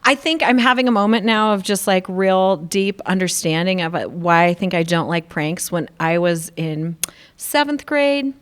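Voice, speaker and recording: A middle-aged woman co-hosting a podcast in casual chat, telling animated stories, acting out quoted voices and laughing often. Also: on the low side, moderate pace, smooth. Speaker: podcast co-host.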